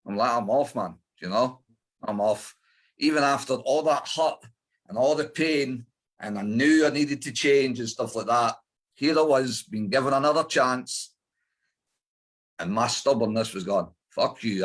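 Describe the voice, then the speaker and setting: Sweary Edinburgh Scottish man. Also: mid-range voice. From Scotland. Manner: blunt and sweary, with frequent fillers. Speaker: interview guest. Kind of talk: candid life-story interview.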